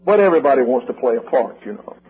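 An older man preaching a sermon, working through numbered points and repeating key slogans slowly and with emphasis, with a husky voice. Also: medium pitch, big pitch swings, a little hiss or hum. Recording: tinny lo-fi radio broadcast.

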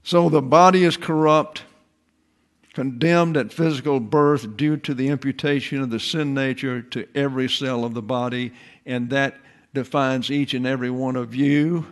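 An elderly man in his eighties delivers a sermon from the pulpit. He speaks slowly and deliberately, and his teaching is sprinkled with homespun turns of phrase. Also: mid-range voice, vocal fry. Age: 80s. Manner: slow, deliberate teaching delivery with folksy asides. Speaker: pastor.

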